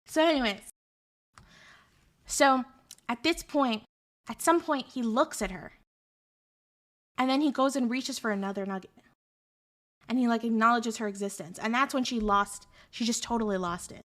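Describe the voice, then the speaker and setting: A woman streamer telling a story in a casual, animated, rambling way with lots of fillers. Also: a little high, normal speed, long pauses.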